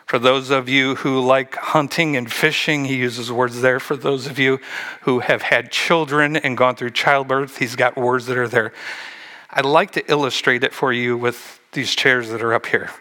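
A male pastor preaching a sermon, acting out Bible scenes with lively shifts and dropping to a hush for emphasis. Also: medium pitch, normal speed.

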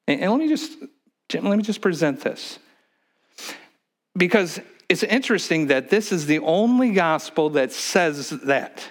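A man preaching a sermon, swinging between loud, emphatic stretches and hushed, whispered ones. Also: a little high, animated, unhurried. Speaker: pastor.

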